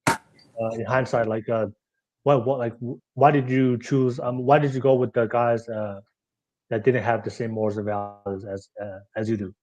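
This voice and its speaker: A man hosting a podcast, asking questions in a halting, casual way with many fillers and easy laughs. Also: mid-range voice, fairly even intonation, darkish tone, poor audio. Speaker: host.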